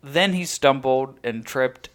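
A man's voice: mid-range voice, slow pace, fairly bright tone. A young man in casual chat, telling a long story and laughing often.

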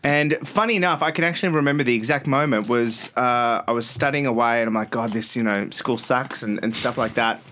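In a studio interview, this Australian man in his thirties, a radio host, rambles through anecdotes as a podcast guest, laughing partway through sentences. His mid-range voice is fast, pushed and bright, with hardly any pauses and a faint hiss or hum.

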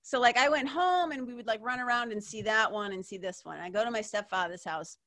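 A woman's voice: on the high side, fairly quick, a bit bright. A woman hosting an interview, telling a personal story in a candid, emotional way, swearing freely and leaning on "like". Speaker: podcast host.

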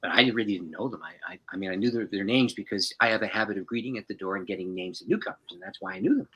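A male pastor telling a personal story in a dramatic, expressive way, acting out the people in it. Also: fairly low pitch, rapid-fire, slightly rough, poor audio. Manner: dramatic, expressive storyteller who acts out the people in his stories.

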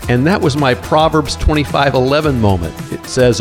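A man's voice: mid-range voice, animated, moderate pace, hardly any pauses, music in the background. A middle-aged man preaching a sermon as a pastor, earnest and quoting scripture, often stammering on repeated words. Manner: cites scripture verses.

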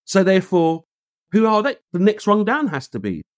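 A man tells a story with a lively, swinging voice and slips into the voices of the people he quotes. His slang is casual and the recording is dry and close. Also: high-pitched, moderate pace, dry recording. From England. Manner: animated, acts out quoted voices, uses street slang. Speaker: guest.

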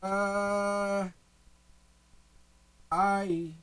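A man's voice: high voice, flat delivery, extremely slow, fairly bright tone, clean tone, no echo. A man hosting a podcast, ranting in a profane, sarcastic way in a casual commentary style. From Hispanic background. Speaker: podcast host.

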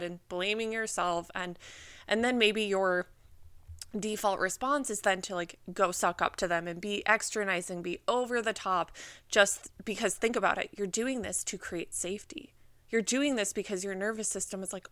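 A woman's voice: mid-range voice, steady tone, moderate pace, a bit bright, dry recording. A young woman hosting a podcast, giving casual advice in a chatty way full of "like" and acted-out worried thoughts. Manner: chatty, uses many "like"s, acts out anxious inner thoughts. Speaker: podcast host and business mentor.

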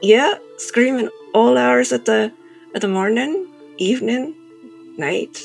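A woman's voice: a little high, expressive, slow pace, vocal fry, full character voice. A woman playing a scatterbrained botanist with an Australian accent who talks almost without opening her jaw, mumbling and drifting off mid-thought. Her voice swoops up and down as she wanders between subjects. Faint music plays underneath. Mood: dotty, forgetful. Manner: forgetful, wandering, easily sidetracked. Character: absent-minded old botanist who barely moves her jaw.

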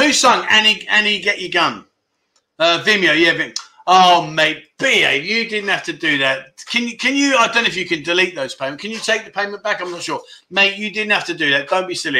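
Bloke hosting a live chat, quite bright and a bit high, lots of mate and my friend. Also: male voice. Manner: chummy banter, calls viewers "mate" and "my friend". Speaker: livestream host. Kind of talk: casual livestream chat, reading viewer comments. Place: home.

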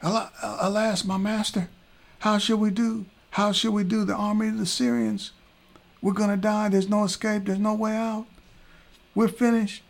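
A man's voice: level tone, fast, dark tone. A male preacher voicing a terrified young male servant who keeps crying out that they are doomed. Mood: panicked. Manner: frantic, shrill, repeating himself.

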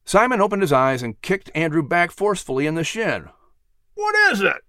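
Man, storybook narrator, expressive, lively pitch, dry close sound. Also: fairly quick, no room sound. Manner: expressive, animated.

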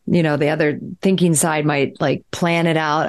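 A woman with a low voice chats on a podcast. She tells a long, winding story, stopping and restarting often and filling gaps with small words. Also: moderate pace. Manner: rambling, animated storytelling with many fillers. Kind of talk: podcast conversation.

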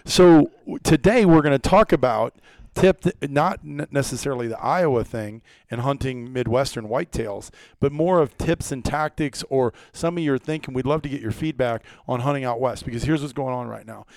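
A man's voice: medium pitch, normal speed, few pauses, dry recording. Guy hosting a hunting chat, laughs a lot, voices his buddies, dry close sound. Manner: excited storyteller, laughs often, acts out quotes. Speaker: hunting podcast host. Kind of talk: casual storytelling chat.

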